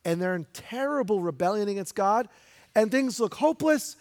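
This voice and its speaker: A high-voiced man, animated and moderately paced, preaches a sermon as pastor in an emphatic, direct style, putting questions to the congregation. The recording carries a long hall reverb.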